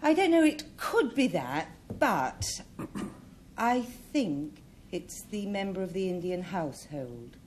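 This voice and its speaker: A woman's voice: medium pitch, big pitch swings, slow, a little mellow, slight background noise. A woman on a game show panel, hesitant and musing as she weighs her choice. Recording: old broadcast with studio audience.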